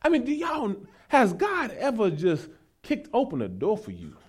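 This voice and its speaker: A male pastor preaching a sermon, mixing folksy asides to the congregation with rising, shouted exhortation. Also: sits high, huge pitch swings, moderate pace, slightly rough. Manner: folksy, talks to the congregation as y'all.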